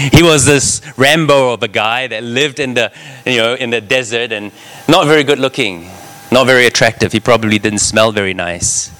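Man, preacher, sermon, bright clear voice, animated, asks the audience questions. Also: medium pitch. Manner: animated, talks to the congregation with frequent "right?".

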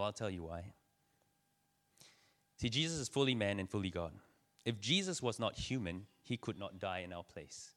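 A man's voice: on the low side, fairly bright tone. A man preaching a conversational sermon, joking with his listeners and building in energy. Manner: conversational preaching, teasing the audience, rising energy.

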